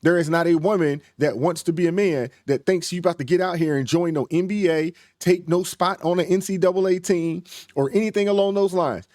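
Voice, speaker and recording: A man's voice: high voice, a little fast, a little mellow, no room sound, clean studio sound. A man hosting a reaction channel, giving emphatic, preacherly commentary in casual speech. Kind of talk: commentary on a played clip.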